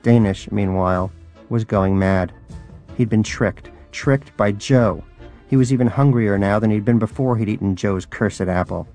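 A man narrating a story in a dry, wry, unhurried way. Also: on the low side, a little mellow, faint music behind.

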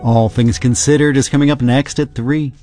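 A man reading a brisk news promo as a radio announcer. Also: mid-range voice, fairly even intonation, warm tone, no echo, soft background music.

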